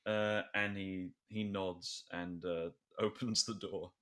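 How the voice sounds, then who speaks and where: A man runs a tabletop role-playing session as game master, his voice sitting a little low but bright in tone. He narrates haltingly, with many fillers and chuckling asides. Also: fairly even intonation, clean tone.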